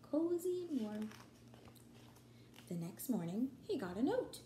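A woman reads a picture book aloud to children, slow and sing-song, her fairly high voice leaping all over its range. She sounds like a teacher at storytime. The room is echoey, with a faint hum of ambient noise behind her. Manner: sing-song, highly animated, slow and expressive.

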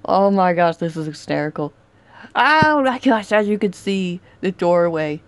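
A young woman commenting on a horror game she is playing, dramatic, shouting and taunting the villain as she goes. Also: on the low side, expressive, a little slow, clear, resonant tone, no room sound. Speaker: gaming youtuber. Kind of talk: excited let's-play commentary.

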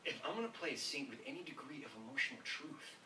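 An actor playing a cocky, self-important action-movie star in a video game cutscene. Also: male voice, on the high side, fast, lightly acted. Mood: smug. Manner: smug, boastful. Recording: echoey game audio from far off, noisy.

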